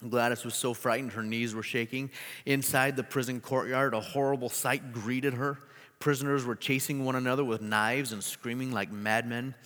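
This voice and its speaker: Animated man preaching in an echoing hall. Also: mid-range voice, moderate pace. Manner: animated storytelling with joking asides. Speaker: pastor. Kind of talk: sermon.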